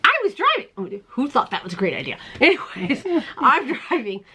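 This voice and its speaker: A woman hosting a crafting channel, telling stories in a casual chat, animated and quick to laugh as she acts out her own panic. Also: fairly high pitch, husky.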